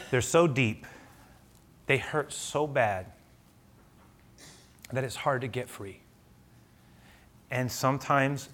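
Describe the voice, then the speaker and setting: A pastor giving a sermon in a church, conversational, full of asides and rhetorical questions. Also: male voice, mid-range voice, fairly bright tone.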